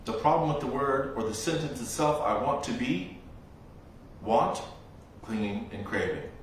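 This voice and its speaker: Slow-spoken man in an echoey room. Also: medium pitch, lively intonation, recorded from a distance, slight background noise. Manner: slow, reflective storytelling with long pauses. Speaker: Buddhist monk teacher. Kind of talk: dharma talk.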